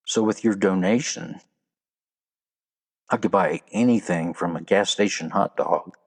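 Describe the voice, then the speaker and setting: Man, deep voice, slow, casual solo podcast host, folksy and joking. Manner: folksy, joking delivery with trivia.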